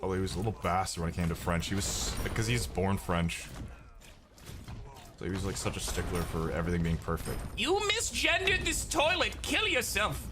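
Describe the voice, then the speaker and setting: A man's voice: sits low, fairly even intonation, fairly quick, background noise. A young adult man giving profane, rambling gameplay commentary as a streamer. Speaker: gaming streamer.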